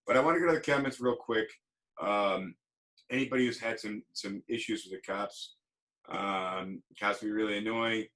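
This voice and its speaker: A bright, forward-sounding man hosts a relaxed livestream talk. He tells his stories with animated energy and acts out the voices of the people he quotes. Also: on the low side, normal speed. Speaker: podcast host. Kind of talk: casual livestream chat.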